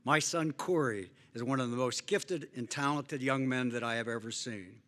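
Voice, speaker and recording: Older man, heartfelt acceptance speech, deliberate, earnest, banquet dinner, average pitch. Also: fairly bright tone. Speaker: hall of fame inductee.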